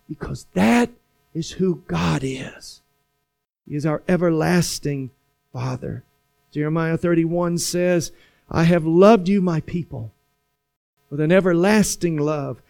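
A man preaching a sermon in a church, repeating phrases and building slowly to emphatic points. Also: sits high, vocal fry, darkish tone. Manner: preaching with slow emphatic build-ups and repetition. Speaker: pastor. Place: church sanctuary.

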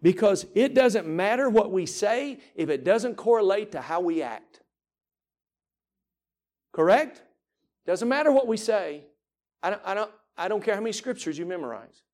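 High-voiced pastor preaching emphatically. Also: male voice, expressive, darkish tone. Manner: emphatic, slows words for stress, repeats words. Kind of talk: sermon.

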